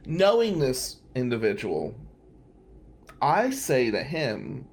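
A man's voice: medium pitch, a little slow, long pauses. Wry storytelling man from New Jersey. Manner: wry, profane, animated anecdotes. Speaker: podcast host and defense lawyer. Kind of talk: casual storytelling.

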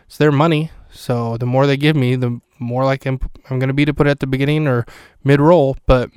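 Smooth-voiced man hosting a chatty recap. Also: mid-range voice, fairly even intonation, fairly quick, darkish tone, no echo, studio quality. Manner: chatty, wry, lots of fillers and restarts. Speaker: podcast host. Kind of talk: casual solo recap commentary.

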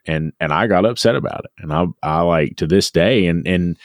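A man's voice: low-pitched, normal speed, no room sound, clean studio sound. A man co-hosting a podcast, telling a long personal story in a reflective, repetitive way. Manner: reflective storytelling, repeats words as he thinks. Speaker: podcast co-host. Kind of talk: casual podcast chat.

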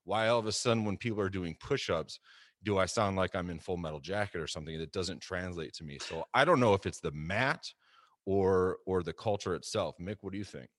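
Low-voiced man, thoughtful co-host. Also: brisk, fairly bright tone, no echo, studio quality. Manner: thoughtful, rambling with restarts. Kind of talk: casual discussion.

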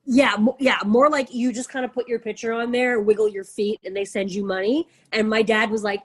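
A woman chatting casually as a guest, her voice slightly high and husky. She giggles a lot and acts out the people in her stories. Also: a little fast, hardly any pauses. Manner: giggly, animated storyteller. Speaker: podcast guest, influencer. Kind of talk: casual chat.

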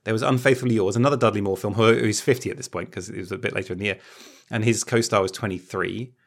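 A man's voice: lowish voice, fairly even intonation, quick pace, creaky. A man co-hosting a podcast in casual chat, explaining points thoughtfully and hedging his claims. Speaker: podcast co-host.

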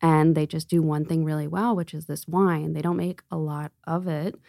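A woman guest on a podcast, chatting casually and telling animated stories, acting out quotes with laughs. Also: deep voice, normal speed, vocal fry, no echo, clean studio sound. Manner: animated storyteller, acts out quotes, laughs often. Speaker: restaurant owner and wine buyer guest.

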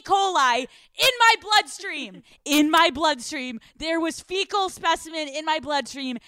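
High, bright-voiced woman telling stories. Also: no room sound. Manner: crude, swearing, animated storyteller. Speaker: podcast host. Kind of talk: casual storytelling chat. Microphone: handheld microphone.

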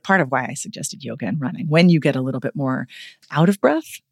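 A woman vocal coach giving expressive feedback on voices in a podcast conversation. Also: rumbling low, fast talker, gravelly, husky, no room sound, studio quality. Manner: expressive, demonstrates vocal points.

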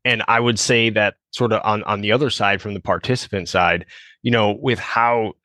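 A man co-hosting a podcast, talking things through slowly, restarting and repeating words as he thinks. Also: on the low side, fairly even intonation, sharp tone, no echo. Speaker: podcast co-host. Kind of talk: casual conversational discussion.

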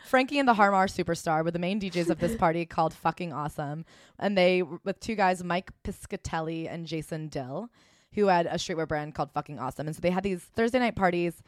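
A young adult woman with a fairly low voice talks briskly as a podcast co-host, keeping the chat casual, laughing often, and reading book quotes aloud. The recording is dry and studio quality.

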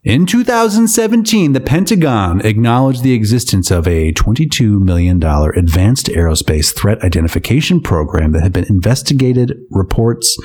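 A man's voice: fairly low pitch, a little mellow. A man co-hosting a podcast who reads news stories aloud and breaks in with sarcastic asides. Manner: sarcastic asides while reading. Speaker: podcast co-host reading news. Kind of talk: comedic news reading.

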